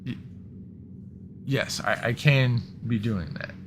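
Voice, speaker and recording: A man's voice: mid-range voice, slow pace, noisy background. A man in casual conversation, talking hesitantly and stammering, repeating words as he thinks.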